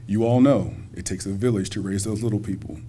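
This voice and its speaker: A man's voice: fairly low pitch, a little fast, dark tone, slight background noise. A man speaking as a college president at a community banquet, folksy and joking, talking directly to the audience. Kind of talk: public speech at a banquet. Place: school hall at a banquet.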